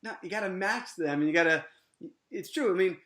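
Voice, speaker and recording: A man's voice: high-pitched, fairly quick, pushed and bright. A man hosting an interview, chatting casually and often agreeing with short acknowledgements. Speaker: interview host.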